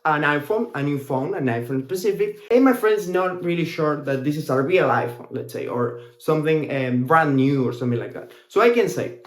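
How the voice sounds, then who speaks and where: A man with an Argentine Spanish accent teaching a casual language lesson, explaining slowly and repeating phrases. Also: on the high side, lively intonation, roomy sound.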